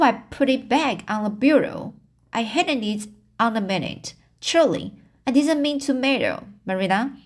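Woman reading as an earnest little girl. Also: on the high side. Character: imaginative talkative young girl.

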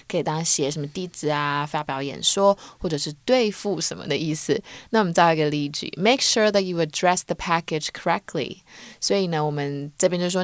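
A woman's voice: on the low side, no room sound. Woman from Taiwan co-hosting a bilingual lesson, explanatory, dry close sound. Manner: clear explanatory, laughs often. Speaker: co-host teacher.

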